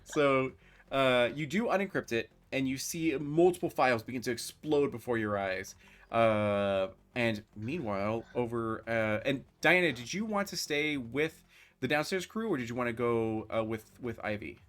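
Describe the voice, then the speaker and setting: A man's voice: medium pitch, normal speed, fairly bright tone. A man running a tabletop role-playing game as game master, narrating in a casual way with lots of fillers. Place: home streaming setup.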